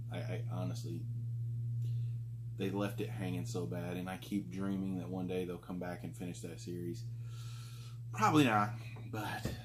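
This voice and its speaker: A man's voice: fairly low pitch, noisy background. Chatty man hosting a hot sauce vlog. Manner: chatty and rambling, frequent fillers. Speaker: food review show host. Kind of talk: casual vlog talk.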